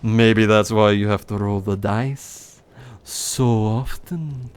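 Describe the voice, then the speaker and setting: A man voicing Heinrich, a smug, taunting older man, in a mock German accent, raised high and sing-song. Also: slow pace, clear, resonant tone.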